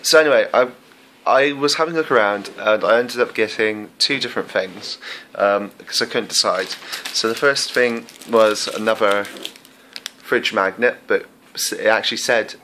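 Bright-voiced man vlogging. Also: fairly low pitch, normal speed, slight background noise. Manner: chatty and excitable, many fillers. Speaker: travel vlogger. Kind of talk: casual travel vlog. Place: hotel room, then outdoors at a castle.

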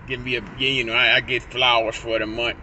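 A man's voice: mid-range voice, level tone, brisk, pushed and bright, a little hiss or hum, low-quality recording. A man talking to his phone camera while driving, rambling with stuttered restarts and laughing asides. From Illinois. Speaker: vlogger. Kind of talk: casual vlog monologue. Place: in a car, driving.

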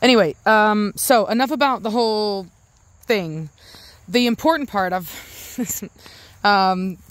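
A woman's voice: mid-range voice, unhurried. A young adult woman hosting a casual vlog, talking in a rambling way with many restarts and stopping to coo at her dogs. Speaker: dog breeder and channel host.

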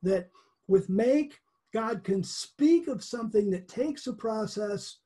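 Husky, mellow-voiced Bible teacher. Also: mid-range voice, expressive, takes it slowly. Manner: chatty, explanatory, with chuckles and restarts. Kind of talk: conversational Bible lesson.

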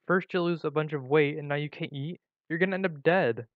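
A man's voice: a little high, fairly quick, no room sound, natural voice. A man voicing a worried, caring teenage girl who pleads with her friend. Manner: concerned, pleading. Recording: dull lo-fi recording.

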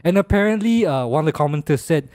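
A man's voice: on the high side, animated, fast, darkish tone, no room sound. A young man with a Malaysian English accent chats easily on a podcast. He laughs often and drops "lah" at the ends of his lines. He is recorded close and dry, with no room sound. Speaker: podcast co-host. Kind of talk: casual chat.

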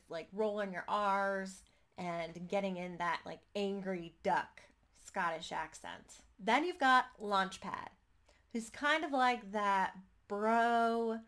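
A woman in her thirties talking to camera in an upbeat, chatty way, giving tabletop gaming tips in quick bursts. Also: mid-range voice, fairly bright tone. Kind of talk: casual talk to camera.

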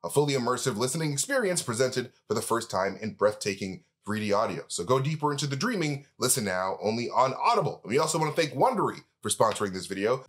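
A man hosts and reads sponsor ads with a lively, swinging pitch. His delivery is upbeat and practiced, like a scripted announcer, at an ordinary middle pitch. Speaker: host reading sponsor ads. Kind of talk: scripted ad read, then casual chat.

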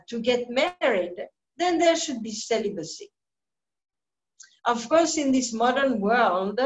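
Woman, spiritual teacher giving a slow scripture class, higher voice, muffled lo-fi recording. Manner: slow, deliberate teaching with many pauses and fillers. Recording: dull lo-fi recording.

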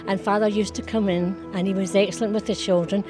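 A former teacher recalling a priest, affectionate and laughing. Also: female voice, mid-range voice, fairly even intonation, quick pace, over music. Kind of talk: casual recollection.

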